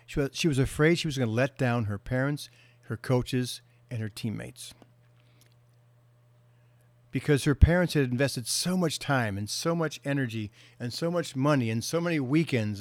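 A middle-aged man, a counselor, giving an earnest motivational talk and slowing down to stress key words. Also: mid-range voice, no echo. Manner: earnest storytelling, slows for emphasis.

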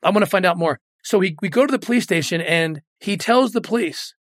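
A man's voice: high voice, fairly quick, a bit bright, no room sound, clean studio sound. A middle-aged man, a guest in an interview, telling a moving story earnestly and often repeating words when moved.

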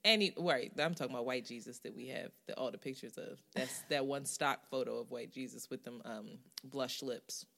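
A woman co-hosting a casual podcast chat, wry and teasing, often trailing off quietly in asides. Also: very deep voice, normal speed, creaky, hardly any pauses. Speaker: podcast co-host and editor.

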